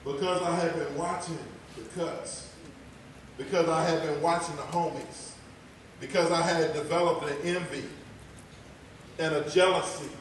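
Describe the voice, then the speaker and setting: Telling his own story, a middle-aged motivational speaker from Texas with a fairly high voice keeps a steady tone, goes a little slowly, and pauses often, veering from loud to quiet. The testimony echoes around a large hall, picked up at a distance from the mic with faint hiss beneath.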